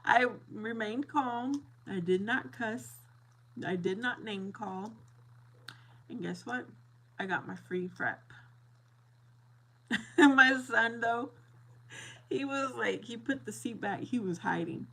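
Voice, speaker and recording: A middle-aged woman chatting casually with viewers, animated and laughing often as she acts out both sides of a story. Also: a little high, slow, vocal fry, pauses often, low-quality recording.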